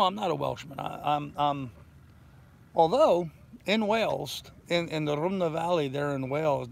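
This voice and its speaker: Broadcasting live from his boat anchored in a bay, an older sailing vlogger talks casually and spins wandering stories. He has a creaky voice on the high side.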